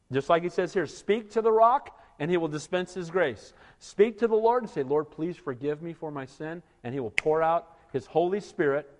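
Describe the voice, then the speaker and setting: A male pastor preaching an animated sermon, often asking his congregation "Amen?" for a response. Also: fairly high pitch, in a large hall.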